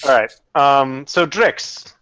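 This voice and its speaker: Bright-voiced casual game master. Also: male voice, medium pitch, takes it slowly, slight background noise, low-quality recording. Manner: casual, hesitant, many fillers. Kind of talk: narrating a tabletop game.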